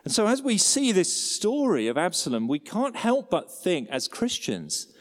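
Preacher with a lively voice in a reverberant hall. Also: male voice, high voice, measured pace. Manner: expressive, rises and falls for emphasis, rhetorical questions. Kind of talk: sermon.

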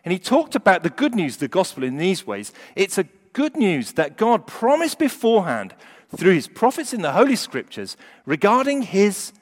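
A man delivers a sermon in a slightly high voice that swings widely in pitch. He rises and falls in volume to stress key points. His voice carries a long reverb, as from a large hall. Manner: animated, rising and falling for emphasis. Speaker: preacher.

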